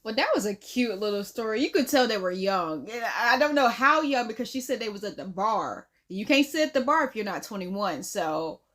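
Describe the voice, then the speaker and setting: A woman's voice: medium pitch, animated, normal speed, few pauses, fairly bright tone. Blunt woman reacting to a clip. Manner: blunt, amused, judgmental. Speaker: reaction host. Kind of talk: casual reaction commentary.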